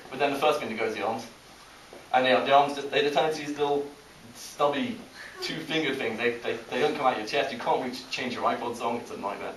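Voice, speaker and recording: A young British man delivers a stand-up set in a halting, self-deprecating way, often restarting his sentences. He sounds distant from the mic, in a roomy, echoing space. A clear hiss runs under the whole recording. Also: mid-range voice, fairly bright tone. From Britain. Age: young adult. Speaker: stand-up comic. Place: college comedy show with a live audience. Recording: echoey, distant, hissy live recording.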